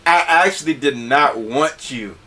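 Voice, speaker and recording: A man's voice: medium pitch, measured pace, far from the mic. A man hosting a casual podcast, laughing often and stumbling over his words as he talks. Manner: laughs often, stammers and restarts, animated. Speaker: podcast host.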